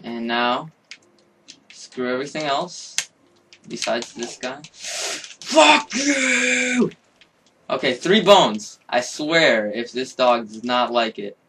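A young man commentating his own game, excitable and swearing, with sudden yelling outbursts. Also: mid-range voice, takes it slowly, distant mic, a little hiss or hum. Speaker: gamer.

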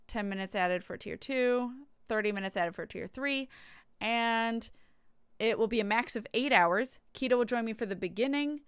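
A woman game streamer, bubbly and chatty, wrapping up her stream with quick thank-yous. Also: mid-range voice, fairly bright tone, smooth, no room sound, studio quality. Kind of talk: let's play commentary and stream outro.

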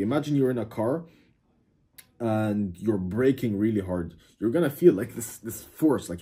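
Husky young man telling a wild story. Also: medium pitch. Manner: animated, swears a lot, keeps saying "bro". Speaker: vlogger. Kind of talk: casual storytelling to camera.

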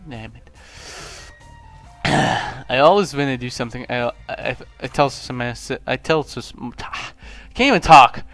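A young man from Lithuania, whose first language is Lithuanian, rambles through casual gameplay commentary at a middle pitch. He mocks himself and breaks into sudden excited yelps. Faint game music plays underneath. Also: takes it slowly, no echo. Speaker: gaming channel host.

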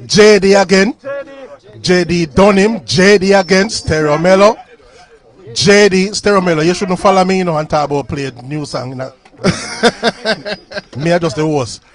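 A man's voice: high-pitched, fairly even intonation, moderate pace, pauses often. A Jamaican man hosting a sound clash on live radio. He is chatty, laughs often and repeats phrases.

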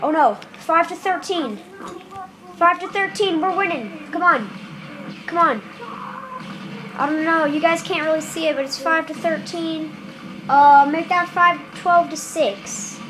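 A very high, light voice talks through a tense shooter match at an unhurried pace. She chatters casually, nerves showing, then breaks into excited shouts. The sound comes off a camera pointed at a screen, with faint noise behind. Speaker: gameplay commentator. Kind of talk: casual game commentary. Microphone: camera filming a screen.

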